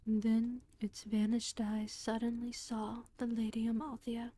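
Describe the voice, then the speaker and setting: A woman storyteller reading a book aloud in a whispered role-play, with a slow and gentle whisper into a close microphone. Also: fairly high pitch, monotone.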